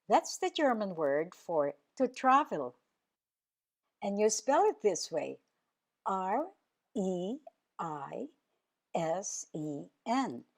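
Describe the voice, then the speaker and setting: Slow, lively woman teaching German. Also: mid-range voice. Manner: slow, careful enunciation, repeating each word. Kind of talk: radio language lesson.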